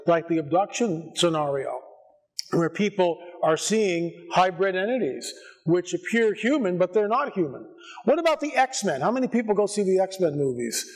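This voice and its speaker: An American man addresses a church audience with an animated, fairly high voice. He shifts between low, wry asides and sudden near-shouted bursts. The delivery is a live conference talk. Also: slightly rough. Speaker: conference speaker. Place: church sanctuary before an audience.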